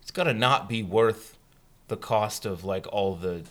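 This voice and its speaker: A man's voice: on the low side, unhurried. A man co-hosting a podcast who makes dry, sarcastic remarks in casual chat. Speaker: podcast co-host.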